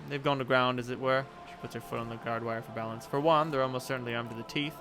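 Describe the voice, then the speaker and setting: A man reading aloud as a composed middle-aged woman envoy, in a measured, formal and diplomatic way. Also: medium pitch, steady tone, noisy background, natural voice. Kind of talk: reading game dialogue aloud.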